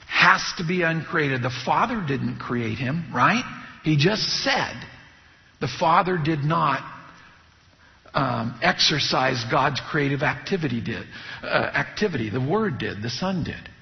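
A man preaching in a slow, deliberate teaching style, voice set a little high for a man. He keeps checking in with rhetorical questions to his listeners. The sound is a touch muffled and rings with the long reverb of a large hall. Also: lively intonation, creaky. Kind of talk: expository sermon.

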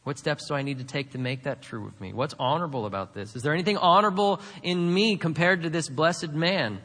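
Bright-voiced preaching man, echoing hall. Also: on the high side, fairly quick, few pauses. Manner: emphatic preaching with rhetorical questions. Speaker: pastor. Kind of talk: sermon.

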